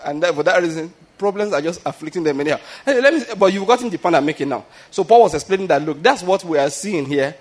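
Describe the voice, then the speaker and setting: A man's voice: a little high, animated, fast, hardly any pauses, breathy edge. A man preaching a sermon in a loose, conversational way, often asking the congregation whether they follow him and restarting his sentences. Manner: conversational preaching, frequent rhetorical questions and restarts. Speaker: pastor.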